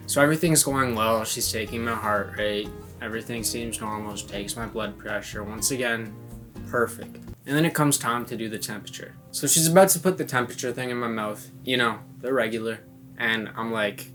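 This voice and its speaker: A young man vlogging, telling an embarrassing story in a casual, animated way and laughing often, with guitar music playing behind. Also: lowish voice, normal speed.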